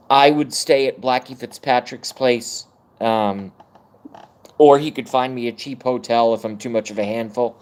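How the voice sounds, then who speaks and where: A man's voice: mid-range voice, a little mellow. A middle-aged man ranting casually on a livestream, rambling and swearing while chatting with viewers. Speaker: livestream host.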